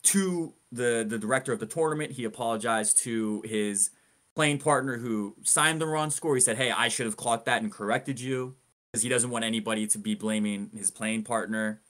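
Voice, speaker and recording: A man of ordinary pitch spins a story for his podcast co-hosts. He builds tension step by step, leans hard on key words for drama, and slips into animated, indignant asides. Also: moderate pace. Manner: dramatic build-ups and emphasis. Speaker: podcast co-host. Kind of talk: casual storytelling.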